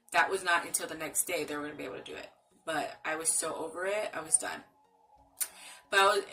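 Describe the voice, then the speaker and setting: A woman's voice: sits low, pushed and bright, distant mic, low-quality recording. A young woman vlogger telling her story in a casual, chatty way and acting out the dialogue she quotes.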